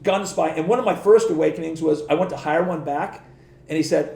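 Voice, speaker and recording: A middle-aged man with a gravelly, fairly high voice spins rambling stories as a podcast guest. He acts out what people said, trips over restarts and swears freely. The sound is dark and mellow, caught in an echoey room. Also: brisk, a little hiss or hum. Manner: rambling anecdotes, acts out quoted dialogue, frequent restarts, swears. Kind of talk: casual interview storytelling.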